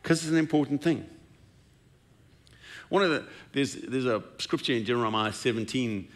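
A man preaching a sermon as pastor, retelling scripture scenes in an animated storytelling way. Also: mid-range voice, moderate pace.

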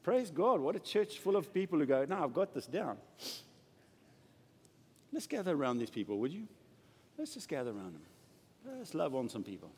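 A man preaching a sermon and praying aloud, moving from loud declarations to hushed, intimate lines. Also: a little high, big pitch swings, moderate pace, long pauses, breathy edge. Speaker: pastor. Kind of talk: sermon with prayer. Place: church. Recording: church hall with long reverb.

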